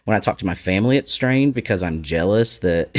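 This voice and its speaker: Deep-voiced Appalachian man, candid and reflective. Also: expressive, brisk. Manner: candid, reflective, laughs often. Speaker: guest. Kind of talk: casual podcast conversation.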